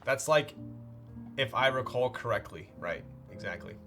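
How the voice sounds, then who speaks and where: Bright-voiced man chatting casually on stream. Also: mid-range voice, expressive, normal speed, soft background music. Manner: rambling and playful, many fillers. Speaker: streamer building a keyboard. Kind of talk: casual live-stream chat.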